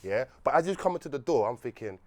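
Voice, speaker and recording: A young man telling a rambling, animated story on a podcast, laughing often and restarting his sentences. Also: mid-range voice, fast talker. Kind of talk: casual storytelling chat.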